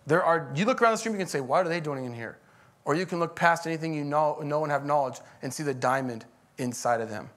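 High-voiced man preaching a sermon. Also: fast talker, fairly bright tone. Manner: conversational preaching, rising to emphatic bursts. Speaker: pastor.

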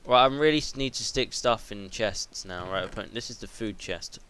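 A man's voice: on the low side, a little fast, sharp tone, clear, resonant tone. A teenage boy commentating his own gameplay. He swears freely, rambles, and yelps when something startles him. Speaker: gaming video host. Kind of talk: let's play commentary.

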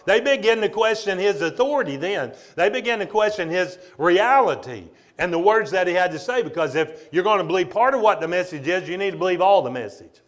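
A man preaching a sermon as pastor, emphatic, often calling out "Amen?" and moving between loud and quiet delivery. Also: high voice, expressive, a little fast, few pauses. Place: church, streamed online.

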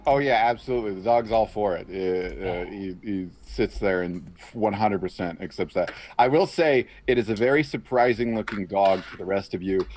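A man playing a tabletop game, describing his character's actions in a slow, laid-back way. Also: on the low side, a little mellow, faint music behind, low-quality recording. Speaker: player. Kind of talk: casual tabletop play.

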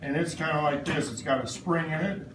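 A middle-aged man leads a classroom science lesson, firing playful questions at the class and waiting for them to answer back. His voice sits high for a man. Steady classroom noise hums behind him. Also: a little fast, echoey room, distant mic. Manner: call-and-response questioning, playful. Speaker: science teacher. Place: elementary school classroom.

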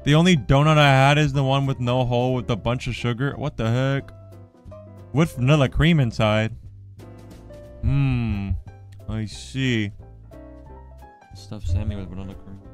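A man streaming a game live, talking in casual banter, mostly drowsy and mumbling but breaking into loud excited outbursts, teasing his co-host. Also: medium pitch, a little slow, pauses often, faint music behind. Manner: playful teasing.

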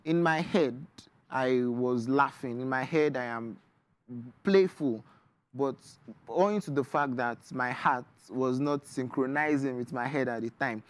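A male poet and author with a Nigerian English accent appears as a guest in a TV studio interview and reads his poetry. His mid-range voice is a little slow, and he speaks earnestly and reflectively, using many fillers.

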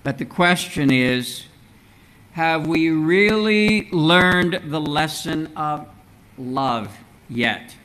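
A man preaching a sermon as pastor in a church, in a measured, earnest way with rhetorical questions. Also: fairly high pitch, lively intonation, fairly bright tone, clear, resonant tone, poor audio. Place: church sanctuary.

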